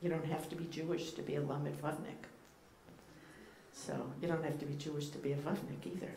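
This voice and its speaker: Her voice is low and warm with little pitch movement, and she talks fairly quickly. She is a Boston-accented woman serving as guest rabbi, giving a playful, teacherly, informal sermon full of ums and uhs to a congregation. The church sanctuary sounds echoey, with a faint hum of background noise.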